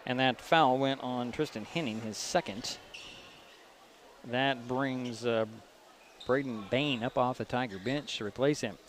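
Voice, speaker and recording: A man giving brisk, chatty play-by-play of a high school basketball game, rising at big plays. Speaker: play-by-play announcer. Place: school gym. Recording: gym noise behind broadcast mic.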